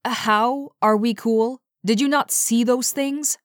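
A woman's voice: lowish voice, slow, no room sound, studio quality. A woman voicing a blunt, panicky young man who swears and wants to leave. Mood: alarmed. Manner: blunt and agitated.

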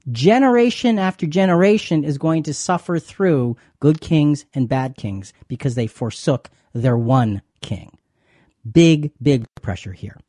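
A man's voice: on the high side, lively intonation, measured pace, dark tone, dry recording, clean studio sound. A man co-hosting a faith talk show, chatty and given to repeating words as he explains. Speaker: co-host.

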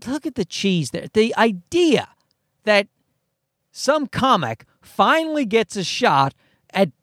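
Brief: male podcast host, high register, exasperated profane rant, dry recording. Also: fairly bright tone, dry recording. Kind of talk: ranting commentary.

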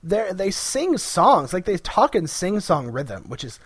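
A man's voice: high-pitched, a little slow, breathy edge, no room sound, clean studio sound. A man co-hosting a podcast, chatting casually and jokingly acting out characters' lines. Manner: animated, jokey, acts out voices. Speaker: podcast co-host.

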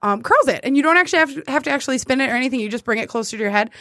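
A woman's voice: sits high, animated, rapid-fire, fairly bright tone, no room sound, studio quality. A young woman in casual chat as a co-host, chatty and rambling, laughing often and restarting her sentences.

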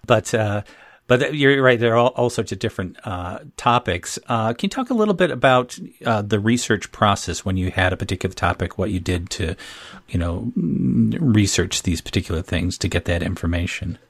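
A man's voice: fairly low pitch, expressive, normal speed, vocal fry, no echo. A man hosting an interview, asking friendly questions with some hesitation. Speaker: interview host.

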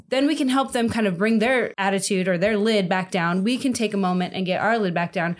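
A woman's voice: mid-range voice, brisk, few pauses. A young adult woman talking earnestly in a casual faith podcast chat, rambling and restarting her sentences. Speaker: podcast co-host.

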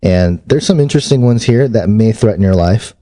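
A man's voice: fairly low pitch, expressive, brisk, warm tone. A man co-hosting a talk show, reading news items in a dry, matter-of-fact way. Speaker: podcast co-host.

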